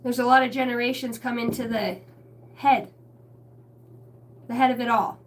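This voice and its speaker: A woman's voice: fairly high pitch, fairly even intonation. A woman rambling casually to camera from a basement, laughing often and swearing as she tells stories. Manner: laughing, profane, storytelling with quick asides. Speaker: spiritual reader and vlogger. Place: basement room lit by a ring light.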